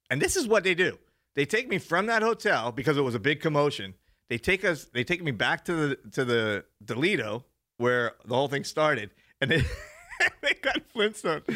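Bright-voiced man telling a wild story. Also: a little high, normal speed. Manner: animated, laughing, swears freely. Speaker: podcast co-host. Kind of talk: casual storytelling chat.

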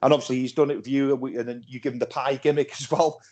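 A man's voice: medium pitch, racing, crowd noise. A man hosting a casual podcast chat over a Skype call, telling stories with lots of restarts. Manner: animated storytelling with repeated restarts. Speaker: podcast host and wrestling promoter.

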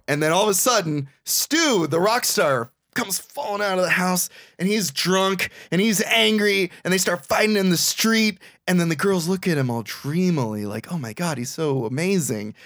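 Animated young man recapping a movie. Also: high-pitched, normal speed, no room sound, studio quality. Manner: lively, sarcastic, swears, jumps into silly quoted voices. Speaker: podcast co-host. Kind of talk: casual movie recap chat.

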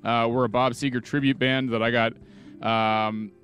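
A man's voice: medium pitch, little pitch movement, normal speed, a bit bright. A man who sings in a band, upbeat as he plugs his shows. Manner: upbeat, plugging projects. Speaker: co-host and singer. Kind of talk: casual stream announcements.

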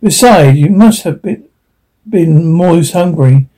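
A man's voice: a little high, animated, slow pace, mellow, poor audio. A man voicing a timid alien native farmhand who pleads in a deferential way. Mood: pleading.

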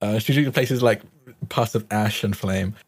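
A man's voice: lowish voice, a little fast, husky. A man playing a tabletop game, describing his character's transformation in a chatty way, laughing and searching for words. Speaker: player.

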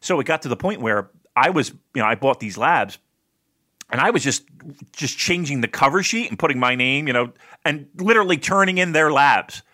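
Animated, swearing guy. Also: fairly high pitch, normal speed. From New Jersey. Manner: animated, swears a lot, laughs often. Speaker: podcast co-host. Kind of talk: casual chat.

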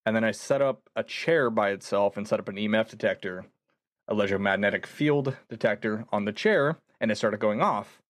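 A man's voice: fairly low pitch, a little fast, no room sound. A young man guesting on a podcast, telling a ghost-hunting story in casual chat, acting out quoted voices and laughing often.

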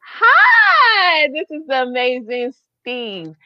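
A woman with a Southern accent hosting a live online business show, talking with excited, gushing emphasis. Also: medium pitch, normal speed, dry recording, lo-fi sound. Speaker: host.

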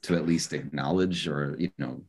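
A man's voice: rumbling low, steady tone, moderate pace, breathy edge. A man giving his opinions in casual podcast chat, using a lot of "like" as filler. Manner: opinionated, filler-heavy commentary.

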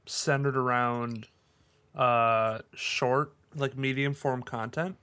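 A man with a bright, clear voice co-hosting a podcast. He talks in loose, rambling casual chat, full of fillers, and keeps laughing at the jokes. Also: medium pitch, steady tone, slow. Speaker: podcast co-host.

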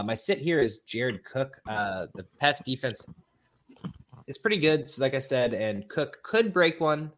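A man co-hosting a podcast, chatting casually and rambling, swearing freely and correcting himself as he goes. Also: on the low side. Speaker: podcast co-host. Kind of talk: casual fantasy football chat.

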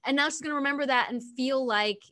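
A woman's voice: sits high, quick pace, sharp tone. A woman hosting a podcast, chatting casually and self-deprecatingly, with lots of fillers. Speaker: podcast host.

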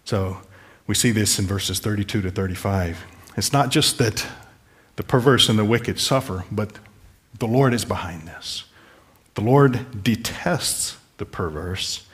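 A man's voice: on the low side, animated, normal speed, fairly bright tone. A man preaching a sermon, earnestly pleading with listeners and restating scripture in plain words. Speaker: pastor.

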